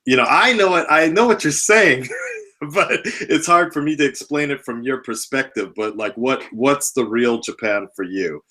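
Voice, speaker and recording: A man's voice: mid-range voice, normal speed, pushed and bright. A man interviewing a guest, asking questions in a hesitant way, full of fillers. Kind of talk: casual interview.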